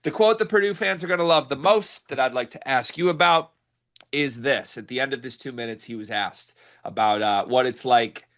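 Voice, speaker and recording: A man's voice: medium pitch, normal speed, a bit bright. A man hosting a casual sports podcast, teasing his co-host dryly and then recapping an interview.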